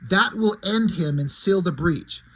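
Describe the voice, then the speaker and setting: A man reading the lines of a psychic woman in his own slightly husky voice, with no character voice. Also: sits high, expressive, unhurried, fairly bright tone, full character voice, poor audio. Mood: urgent. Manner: read plainly in the narrator's own voice. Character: psychic adult woman holding shut a breach.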